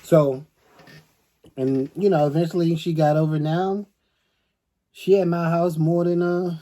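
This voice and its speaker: A middle-aged man co-hosts a storytime chat, telling stories with animated energy and acting out other people's voices. His voice is a little high and his pace unhurried.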